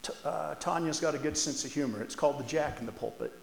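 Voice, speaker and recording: Church elder guy giving a sermon, folksy and earnest, kinda high voice, lots of echo in the room. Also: fast, creaky, background noise. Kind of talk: sermon with scripture reading. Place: church sanctuary.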